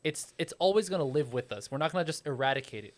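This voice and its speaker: A fairly high-pitched man talks in a loose podcast chat. He explains his point emphatically and swears freely. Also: animated, fast. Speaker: podcast co-host. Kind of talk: casual chat.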